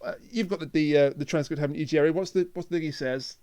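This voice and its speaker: A man's voice: on the high side, fast talker, over a noisy crowd. A man hosting a podcast, reviewing an episode with enthusiastic, mock-indignant banter. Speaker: podcast host. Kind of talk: casual chat, episode review.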